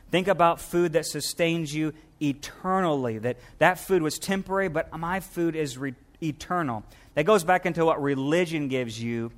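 Man, middle-aged pastor, lively sermon delivery, fairly high voice, drops low and quiet on scripture quotes. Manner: animated preaching, dropping low and soft for quoted words of Jesus.

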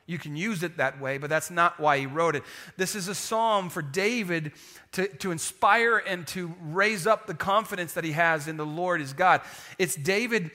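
A male pastor preaching with lively, joking energy, the voice pitched high and bright. He calls for responses from the room and now and then sinks to a near-hush for emphasis. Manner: animated, call-and-response preaching with humor. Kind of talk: sermon.

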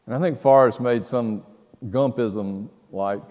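A male pastor delivering a sermon at an unhurried, deliberate pace. His voice carries a long reverb from a church sanctuary. He tells stories dramatically, shifting between quiet hushes and loud outbursts. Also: mid-range voice. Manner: slow, dramatic storytelling with sudden loud outbursts and hushed passages.

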